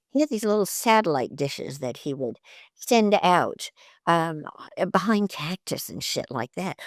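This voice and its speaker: An older actress, a guest in an interview, tells lively anecdotes, laughs often and acts out the voices of people in her stories. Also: lowish voice, dry recording, studio quality.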